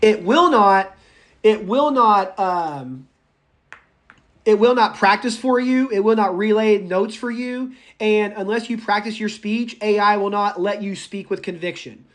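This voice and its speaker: A man teaching a public speaking class, lecturing live in a chatty, animated way, talking to students by name and going off on tangents. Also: sits high, measured pace. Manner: goes off on tangents.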